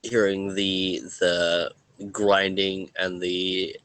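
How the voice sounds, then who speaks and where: A man with a very deep voice runs a tabletop game as game master, narrating at an unhurried pace with frequent pauses. His tone is bright and forceful, and the sound is close and dry. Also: level tone, no room sound, rough recording. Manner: halting, pausing narration.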